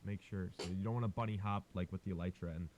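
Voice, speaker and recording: A man hosting a gaming video, giving casual, excitable commentary as he plays. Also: sits low, quick pace, dull audio, a little hiss or hum. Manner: excitable, cheers and yelps at close plays.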